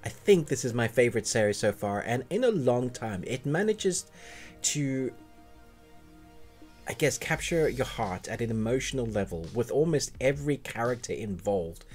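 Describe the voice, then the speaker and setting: A man's voice: mid-range voice, very animated, normal speed, darkish tone, faint music behind. A man giving a casual, enthusiastic spoken review of a TV series, rambling a little and restarting his sentences.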